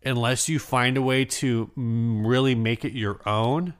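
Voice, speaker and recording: A man's voice: mid-range voice, fairly even intonation, unhurried. A man co-hosting a casual podcast, rambling and self-deprecating, often trailing off mid-thought. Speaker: podcast co-host. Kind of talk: casual chat.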